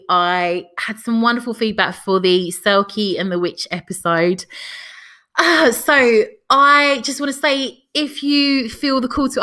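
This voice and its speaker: A woman hosting a podcast, reading a passage aloud and chatting softly, emotional and close to tears. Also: mid-range voice. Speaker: podcast host.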